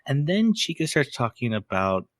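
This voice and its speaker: A man co-hosting a podcast, retelling anime scenes in a casual, animated way and often laughing as he goes. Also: medium pitch, normal speed, dry recording. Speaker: podcast co-host. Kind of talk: casual chat recapping an anime episode.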